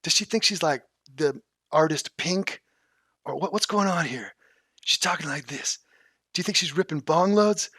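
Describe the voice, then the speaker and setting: Sarcastic, profane streamer with a dry close sound. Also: male voice, a little high, expressive, moderate pace, pushed and bright, husky, dry recording. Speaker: streamer reacting to a video. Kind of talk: live reaction commentary.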